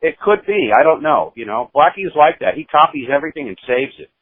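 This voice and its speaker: A man's voice: fairly high pitch, sing-song, a little fast, dry recording. A man in his sixties, a musician being interviewed, telling long rambling stories with many restarts. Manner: rambling anecdotes with frequent restarts and acted quotes. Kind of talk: casual storytelling. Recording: tinny phone-like audio, dry.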